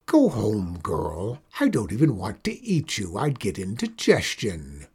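Man doing an old storybook witch: cranky, growling, drawn-out lines, breathy. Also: on the low side, wildly swooping pitch, a little mellow, exaggerated voice. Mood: moaning. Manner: gruff, growling, drawn-out outbursts. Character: grumpy old witch woman, bellowing and snarling. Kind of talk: storybook character voice.

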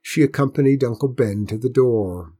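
A man narrates a story in a steady, measured reading voice. His tone is slightly husky and sits at an ordinary pitch.

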